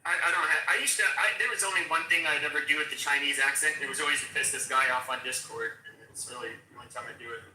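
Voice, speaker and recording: A man's voice: fairly high pitch, racing, few pauses, pushed and bright, slight background noise. A man in casual livestream chat, rambling with many fillers, swearing and restarts. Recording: roomy echo, distant mic.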